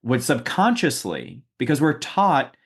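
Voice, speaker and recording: A man hosting a podcast, thoughtful and quick to laugh in casual chat. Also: mid-range voice, big pitch swings, husky. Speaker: podcast host.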